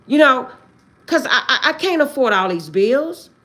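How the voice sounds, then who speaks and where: An agitated woman vents on a phone livestream, close to tears. Her fairly high voice leaps between loud outbursts and hushed, pleading prayers, with a very lively swing in pitch. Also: normal speed. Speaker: livestream host. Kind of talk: emotional livestream rant.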